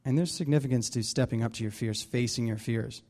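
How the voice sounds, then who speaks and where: A man's voice: medium pitch, fairly quick, a little mellow. A man leading a Bible study, preaching casually with many fillers and restarts. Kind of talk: casual sermon.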